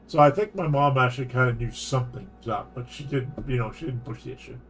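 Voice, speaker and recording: Talking fast in a mid-range voice, a Canadian gamer rambles through a lengthy anecdote on stream. He keeps restarting his sentences and laughing as the story goes on.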